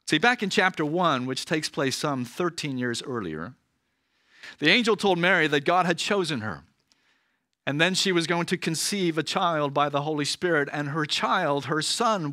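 Male preacher, lively delivery, conversational sermon, slightly high voice. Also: no echo, clean studio sound. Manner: conversational, frequent "right?" asides. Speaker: pastor.

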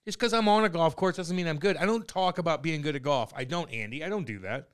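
A man's voice: a little high, quick pace, clean tone. A man co-hosting a podcast in casual banter, telling stories animatedly, swearing a lot and acting out what others said. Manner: animated storyteller, swears a lot, acts out quotes. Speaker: podcast co-host.

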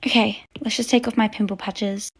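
A woman's voice: mid-range voice, flat delivery, moderate pace, slightly rough. A woman telling a toy-app role-play story as a schoolgirl, chatty and dramatic with lots of fillers.

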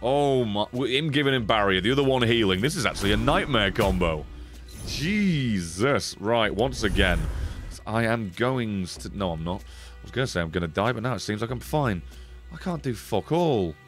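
With a lowish voice at a normal speed, the man streams his card game, cursing casually and chatting animatedly with viewers as faint music plays.

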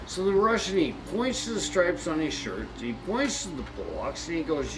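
A man's voice: on the high side, sing-song, moderate pace, few pauses, low-quality recording. A man telling a folksy joke in rambling, colloquial speech with restarts, with banjo music playing behind him. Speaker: storyteller.

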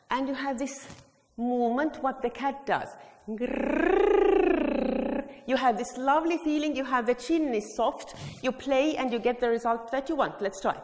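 Leading a choir workshop, a woman with a bit of a high voice guides her audience through vocal exercises and regularly sings phrases as examples. She's a choir education presenter, and the large hall echoes with long reverb.

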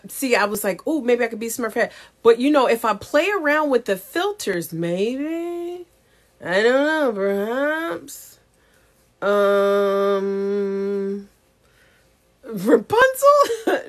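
A woman content creator chatting casually to camera, giggly and self-mocking. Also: medium pitch. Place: home setup with ring light.

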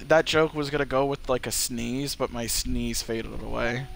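A man's voice: mid-range voice, fairly even intonation, unhurried, gravelly, a little hiss or hum. A man streaming a video game, chatting casually, swearing and laughing, yelping and screaming at sudden deaths. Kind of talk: casual gameplay chat.

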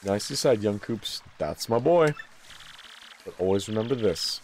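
A man voicing an older turtle father, slow, soft and fatherly. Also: lowish voice, expressive, slight background noise, natural voice. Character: older male turtle father, calm and proud. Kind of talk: voicing game dialogue during a playthrough.

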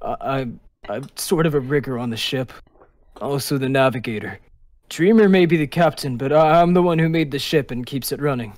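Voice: medium pitch, normal speed, a little mellow, close to an everyday voice. A streamer voicing a young, anxious male angel who rigs a ship, stammering and easily frightened. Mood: nervous. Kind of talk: Minecraft roleplay character voice.

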